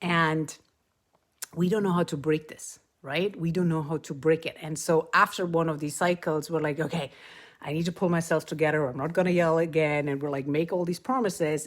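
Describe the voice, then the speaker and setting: Chatty low-voiced woman coaching parents. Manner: chatty, emphatic, repeats key points, mimics parents in quoted asides. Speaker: host. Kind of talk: casual live-stream coaching talk.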